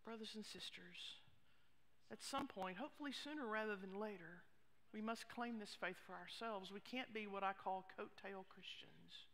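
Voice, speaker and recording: A woman pastor preaching a sermon, expressive, with hushed asides. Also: medium pitch, moderate pace. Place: church sanctuary. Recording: long reverb of a church hall.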